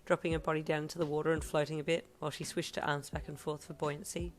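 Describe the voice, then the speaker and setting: A woman reads a fan fiction story aloud, calm and steady. Her voice is low, and faint music plays underneath. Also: fast talker. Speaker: reader.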